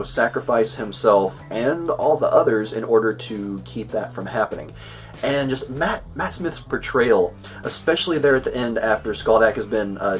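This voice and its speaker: A man hosting a casual episode review, talking in a rambling, chatty way and often restarting his sentences. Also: on the low side. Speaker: show host reviewing an episode. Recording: voice a bit far from the mic, faint music.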